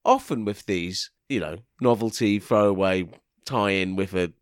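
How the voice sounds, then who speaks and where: Wry record-show host. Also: male voice, lowish voice, measured pace, dry recording, clean studio sound. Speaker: podcast host presenting records. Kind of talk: casual chat.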